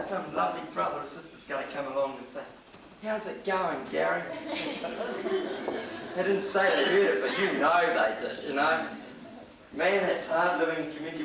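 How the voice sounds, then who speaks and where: A man's voice: on the high side, gravelly. A middle-aged man, preaching a sermon and telling humorous stories from his family life. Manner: storytelling with humor, acts out quoted voices. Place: church hall. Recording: echoey hall, distant mic, audible noise.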